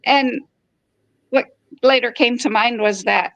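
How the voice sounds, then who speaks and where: Gravelly-voiced woman in her fifties. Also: on the high side, slow, fairly bright tone, dry recording, highs cut off. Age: 50s. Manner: frank and conversational, acting out quoted dialogue. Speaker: podcast host. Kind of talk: candid personal storytelling.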